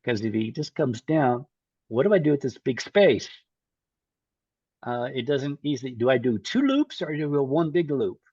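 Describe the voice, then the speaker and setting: Lower-voiced man giving a relaxed lecture. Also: breathy edge, no room sound, lo-fi sound. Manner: thinking aloud with restarts and repeated phrases. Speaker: Jungian analyst lecturing. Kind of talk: informal lecture.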